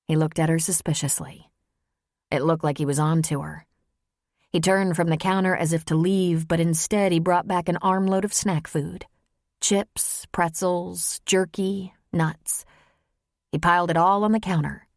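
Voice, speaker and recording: A woman narrating an audiobook in a tense, measured storytelling voice. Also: lowish voice, fairly even intonation, a little mellow, no room sound, studio quality. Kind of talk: scripted narration.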